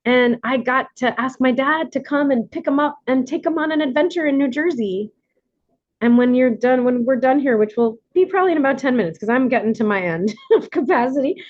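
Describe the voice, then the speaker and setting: A woman's voice: high-pitched, fairly quick. Candid woman on a muffled video call. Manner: candid, rambling, with many fillers and restarts. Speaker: workshop leader. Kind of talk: emotional personal sharing in an online workshop.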